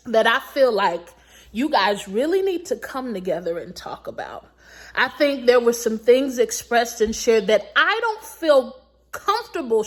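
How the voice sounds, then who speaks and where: A woman recapping a reality show and giving emphatic, preachy marriage advice, repeating her points slowly and laughing between them. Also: fairly high pitch. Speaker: recap vlogger.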